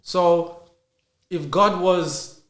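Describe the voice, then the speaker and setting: A man's voice: high-pitched, fairly even intonation, very slow, fairly bright tone. Earnest man in a roomy podcast. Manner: earnest, asks himself rhetorical questions. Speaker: podcast guest. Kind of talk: casual podcast chat. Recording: roomy echo.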